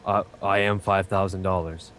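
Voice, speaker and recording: A young man calling in to a gaming podcast, joking deadpan and swearing casually. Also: low voice, normal speed, a little hiss or hum. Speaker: caller. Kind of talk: casual call-in chat.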